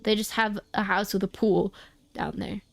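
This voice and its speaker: A woman's voice: medium pitch, steady tone, normal speed, creaky, faint music behind. A young woman streaming a game, chatting casually and rambling with many restarts. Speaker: VTuber streamer.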